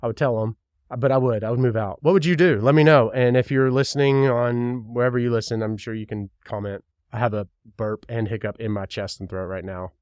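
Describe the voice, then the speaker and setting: A man's voice: mid-range voice, steady tone, fairly quick, a little mellow, no echo. A young man from Kentucky with a mild Southern accent, hosting a podcast and rambling frankly in casual solo talk, swearing now and then. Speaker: podcast host.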